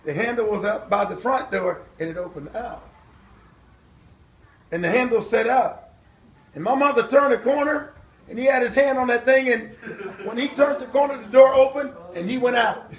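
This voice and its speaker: An older man telling his life story to a church audience, animated and acting out voices and shouts. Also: extremely high pitch, normal speed, long pauses. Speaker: guest speaker. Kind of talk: storytelling testimony at a church event. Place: church hall. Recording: echoey hall from far off.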